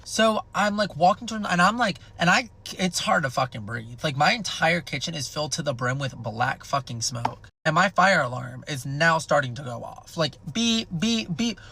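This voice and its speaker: A young man telling a wild personal story in a casual, animated and heavily profane way. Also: fairly high pitch, normal speed, vocal fry, few pauses, a little hiss or hum. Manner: animated, profane, dramatic retelling.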